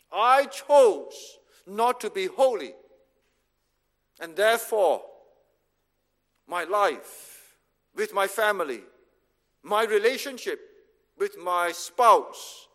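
A man from Singapore preaching a sermon as pastor, emphatic and measured, repeating phrases for stress. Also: high-pitched, a bit bright. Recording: long reverb of a hall.

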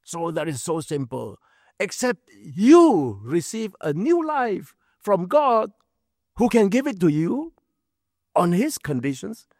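Male preacher, unhurried and animated, teaches scripture with emphatic rhetorical questions, dry close sound. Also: high-pitched, no room sound. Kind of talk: sermon, Bible exposition.

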